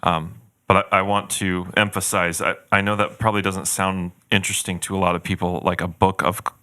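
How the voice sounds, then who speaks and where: A man's voice: low-pitched, level tone, brisk, bright, forceful tone, clean tone, dry recording, clean studio sound. A man co-hosting a church podcast, chatting earnestly and thoughtfully about a book he recommends. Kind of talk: casual book recommendation chat.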